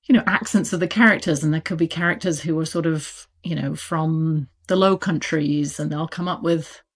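In a low-pitched, slightly rough voice at normal speed, a woman with a British accent chats animatedly during a casual interview. She's an audiobook publisher, and her talk is sprinkled with fillers and laughs.

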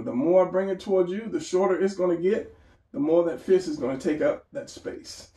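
Gravelly man teaching drawing, echoey room. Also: high-pitched, mellow, recorded from a distance. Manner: rambling, talks to himself while sketching. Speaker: drawing instructor. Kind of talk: casual drawing tutorial.

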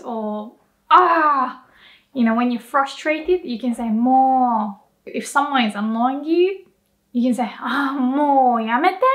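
A young Japanese woman with a Japanese accent, giving a playful, casual language lesson and acting out animal sounds with frequent laughter. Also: fairly high pitch. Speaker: language teacher.

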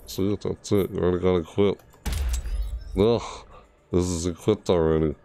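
A man's voice: low-pitched, steady tone, normal speed, vocal fry, mellow, a little hiss or hum. A tired man streaming a video game, mumbling and rambling to himself in casual commentary. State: tired, yawning.

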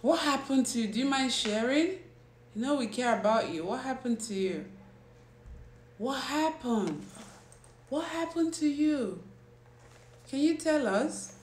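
A woman's voice: sits high, lively intonation, measured pace, pauses often. A young woman hosting a casual livestream, chatting and teasing as she reads viewers' comments. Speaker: livestream host. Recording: roomy echo with faint background noise.

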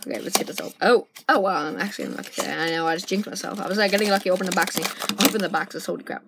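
A woman casually chatting through an unboxing, excitable and rambling as she thinks aloud, recorded on a camera's built-in mic. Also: fairly low pitch, rapid-fire, creaky. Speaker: vlogger unboxing puzzle cubes. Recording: noisy amateur camera recording.

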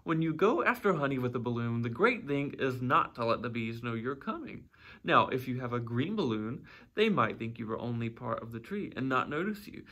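A man voicing a gentle, earnest, simple-minded toy bear in a storybook read-aloud, talking in a ponderous, slightly anxious way. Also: mid-range voice, big pitch swings, moderate pace, exaggerated voice. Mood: earnest, musing.

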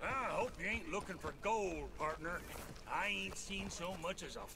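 An actor playing gruff Old West men in a video game, with a gravelly drawl. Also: male voice, sits high, moderate pace. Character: gruff Old West male outlaws and prospector.

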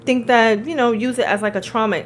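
A woman giving a casual tarot reading, telling a story in a chatty, animated way, laughing often and checking in with her listeners. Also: on the high side, brisk, a little hiss or hum, rough recording. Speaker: tarot reader and spiritual coach.

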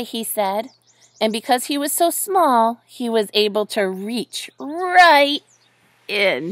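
Animated woman reading a storybook aloud. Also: fairly high pitch, slow pace, no room sound, studio quality. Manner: animated, asks the listening children questions. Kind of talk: reading a picture book aloud to children.

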